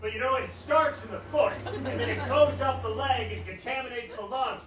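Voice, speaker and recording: A man's voice: very high-pitched, normal speed, crowd noise. A man playing a fussy old roller-rink janitor with a bad hip, in a put-on Southern drawl that keeps slipping. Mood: frantic. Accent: put-on American Southern. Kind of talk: live improv comedy. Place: theater stage. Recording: echoey live stage, distant mic.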